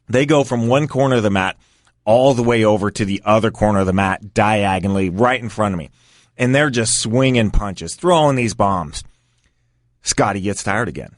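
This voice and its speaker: A man telling a casual story in an animated way, acting out the voices of the people involved. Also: medium pitch, no room sound, clean studio sound. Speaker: guest storyteller.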